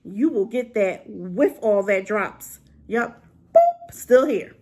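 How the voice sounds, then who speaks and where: A woman's voice: mid-range voice, slow pace, mellow. A woman reviewing a drama to camera in an unscripted, rambling rant, exclaiming and talking straight to her viewers. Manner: unscripted and unedited.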